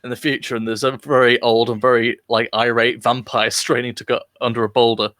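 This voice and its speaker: With a flat delivery at a slightly fast clip, a British co-host chats casually and jokes during a live online podcast recording, rambling through fillers and restarts. His medium-pitched voice is fairly bright, with no room sound.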